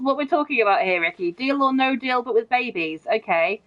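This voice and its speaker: A woman's voice: on the high side, lively intonation, brisk, a bit bright. Chatty woman streaming a game. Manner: chatty and blunt, swears often, keeps saying bro. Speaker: gaming streamer. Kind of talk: casual live gameplay chat, reading viewer comments. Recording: muffled, dull stream audio.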